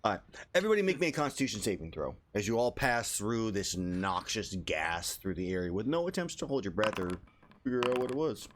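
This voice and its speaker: A man narrating as game master of a tabletop game, relaxed and hesitant, with many pauses and fillers. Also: on the low side, a little hiss or hum.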